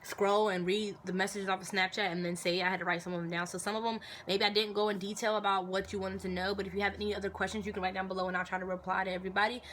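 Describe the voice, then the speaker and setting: A young woman talking casually into her phone for a Q&A vlog, telling stories with animated, indignant bursts and lots of fillers. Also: mid-range voice, very fast, few pauses, slight background noise. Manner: animated storytelling, indignant outbursts, many fillers. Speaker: vlogger answering viewer questions.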